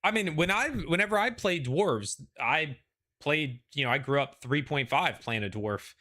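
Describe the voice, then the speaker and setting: Male host, bright tone, loose chatty delivery with plenty of hedging. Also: fairly high pitch, expressive, moderate pace. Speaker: show host. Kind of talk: casual pre-show chat.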